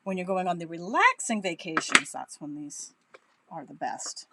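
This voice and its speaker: A woman's voice: fairly low pitch, animated, normal speed, heavy background noise. A woman with a Boston accent giving a chatty, upbeat live crafting tutorial, thinking aloud as she works. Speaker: craft demonstrator.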